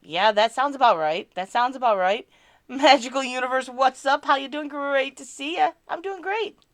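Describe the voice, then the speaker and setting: A woman's voice: high voice, moderate pace, fairly bright tone, no echo, studio quality. A woman chatting casually on a live stream, answering her chat in a rambling, candid and self-deprecating way.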